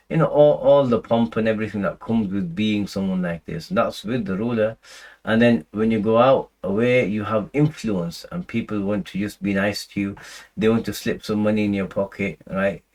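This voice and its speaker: A man teaching a Quran commentary class in a relaxed, conversational way, full of fillers and restarts, now and then reciting Arabic verses. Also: lowish voice, poor audio. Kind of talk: casual lecture on scripture.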